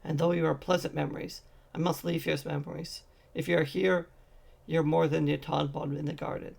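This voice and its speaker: A man's voice: fairly high pitch, level tone, fairly quick, creaky, a little mellow. A man voicing a grieving, grizzled old male wizard in a fan audiobook reading. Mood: sorrowful.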